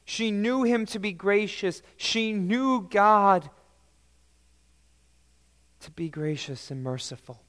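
A man preaching a sermon emphatically, swinging between loud declarations and soft, low lines. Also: expressive, takes it slowly, pauses often, big-room sound.

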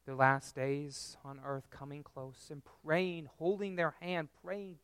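A man preaching a sermon in an earnest, measured way, with dramatic pauses. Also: a little high, level tone, fairly bright tone, smooth, no room sound.

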